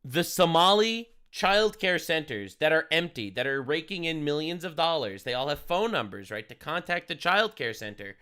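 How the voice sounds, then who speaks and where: A man's voice: fairly high pitch, expressive, normal speed, hardly any pauses, sharp tone, clean tone. A man streaming commentary over video clips, crude, heated and sarcastic in his delivery.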